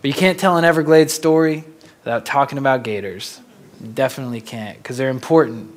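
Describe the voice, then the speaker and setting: A young man from Florida giving a talk as a photographer, telling stories in a lively way and laughing often. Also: mid-range voice, a little fast. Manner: animated, laughing storyteller. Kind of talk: storytelling lecture.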